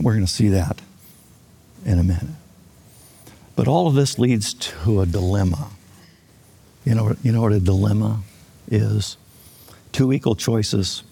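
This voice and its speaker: A man's voice: on the low side, gravelly, dark tone, slightly rough. An older male pastor preaching a folksy, conversational sermon with light jokes. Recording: long reverb of a large hall.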